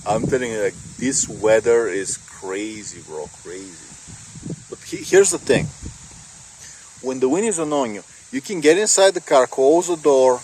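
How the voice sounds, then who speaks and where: A man's voice: mid-range voice, unhurried, a little mellow, low-quality recording. A man vlogging outdoors in strong wind by a car, rambling casually and swearing often with many fillers. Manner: rambling, swears a lot, says "like" and "bro" often. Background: wind blowing into the microphone.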